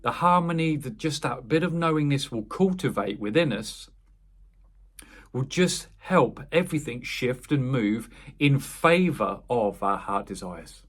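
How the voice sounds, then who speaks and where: A man's voice: medium pitch, animated, unhurried. A young man, a wellness coach, speaking earnestly in a meandering spiritual monologue that often restarts and corrects itself. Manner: earnest, meandering, self-correcting, laughs at himself.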